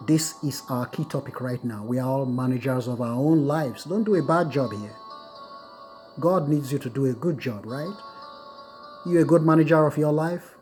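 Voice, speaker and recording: A middle-aged man gives a recorded lecture on Buddhist wisdom, his voice medium in pitch with a darkish tone. He repeats key phrases slowly so students can write them down.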